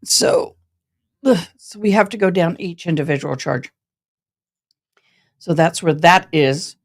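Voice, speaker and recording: A woman's voice: fairly low pitch, unhurried. A woman hosting a casual live stream about a trial, chatting with viewers in a rambling, passionate, direct way. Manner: self-described passionate and direct.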